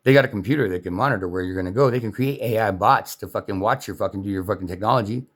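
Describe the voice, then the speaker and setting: Fast-talking angry ranting man. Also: on the low side. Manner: agitated, swearing constantly, voice rising when heated. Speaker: vlogger. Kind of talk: angry profane rant to camera.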